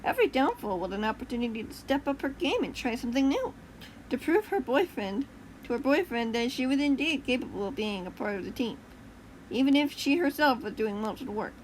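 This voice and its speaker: A woman's voice: sits high, sing-song, brisk, a little hiss or hum, poor audio. A woman casually reading her own short story aloud, chatty, fixing slips as she goes and laughing at her asides.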